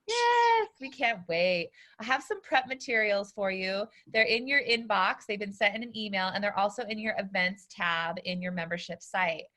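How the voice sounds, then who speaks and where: A woman's voice: medium pitch, moderate pace, hardly any pauses, sharp tone. A woman co-hosting a business training call, giving upbeat, encouraging announcements and explaining steps to members. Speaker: business coach and co-host.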